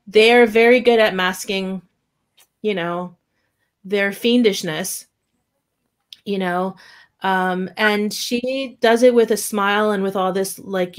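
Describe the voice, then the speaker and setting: A woman co-hosting a podcast in casual chat, animated and giggly, with lots of fillers. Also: medium pitch. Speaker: podcast co-host.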